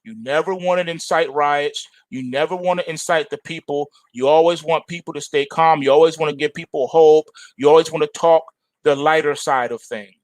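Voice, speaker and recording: A middle-aged man hosting a market show, delivering a forceful, repetitive opinion monologue. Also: a little high, steady tone, moderate pace, no room sound, low-quality recording. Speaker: trading show host.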